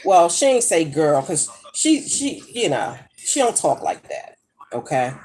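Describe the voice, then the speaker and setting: Brash, lively woman vlogger. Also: low-pitched, measured pace. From United States. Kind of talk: casual chat while cooking. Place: home kitchen.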